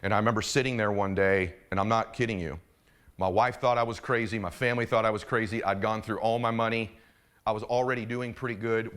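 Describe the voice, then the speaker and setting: A middle-aged man giving a motivational keynote, telling a story with animated delivery and acting out the other people in it. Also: mid-range voice, a little fast. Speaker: motivational speaker.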